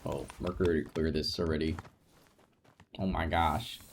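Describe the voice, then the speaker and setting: A young man chatting casually on a live gaming stream, soft-spoken and rambling, with frequent restarts and light laughs. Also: very deep voice, level tone, a little slow, slight background noise.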